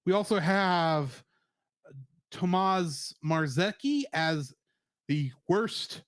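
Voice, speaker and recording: A podcast co-host with a high-pitched voice drags out his words while chatting casually and animatedly in a review discussion, laughing often as he rattles off trivia. The studio sound is clean with no echo.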